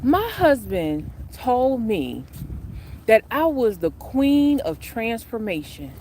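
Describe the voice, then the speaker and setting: This spiritual coach vlogger speaks slowly in a fairly high voice while walking outside and filming on her phone, with slight background noise behind her. Her casual spiritual chat is animated and friendly, aimed at "y'all."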